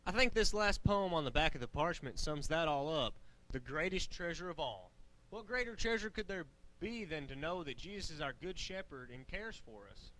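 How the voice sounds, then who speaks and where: A man voicing a level-headed puppet crewman in a children's church puppet show, calm and measured with dry teasing. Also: on the high side. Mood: explaining.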